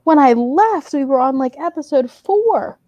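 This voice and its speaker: Young woman, podcast co-host, casual chat, lively swooping pitch, warm mellow tone, dry close sound. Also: a little slow, no room sound, muffled recording. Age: young adult. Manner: animated storytelling, acts out kids' voices.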